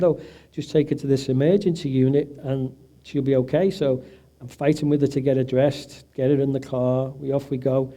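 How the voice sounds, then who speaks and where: Speaking in a mellow, mid-range voice, a middle-aged man shares an emotional testimony at an event as a patient's husband. He imitates the voices of the people he quotes.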